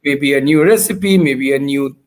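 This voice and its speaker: A man, a founder in a relaxed conversation, explaining his ideas patiently with examples and frequent restarts. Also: medium pitch, moderate pace. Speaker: founder of a learning community, guest. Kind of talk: casual conversation.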